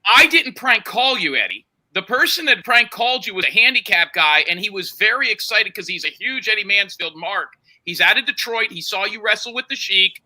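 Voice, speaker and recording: High, bright-voiced man insisting on finishing. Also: expressive, brisk, hardly any pauses, rough recording. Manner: insistent, talks over others, retells calls with quoted voices. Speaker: show host under confrontation. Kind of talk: heated argument, storytelling.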